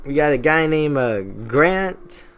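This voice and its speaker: A young man tells history in a loose, irreverent style, cursing nonstop and putting on mocking voices for historical figures. His voice sits a little high and sounds animated and a bit bright, and he speaks slowly over soft background music.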